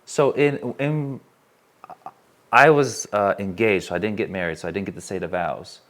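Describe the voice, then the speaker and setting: A man's voice: on the low side, moderate pace, fairly bright tone. A man leading a live workshop, telling a candid personal story in an earnest way and putting questions to the people in the room. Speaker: workshop speaker. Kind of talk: live workshop talk to an audience. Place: room with a small live audience.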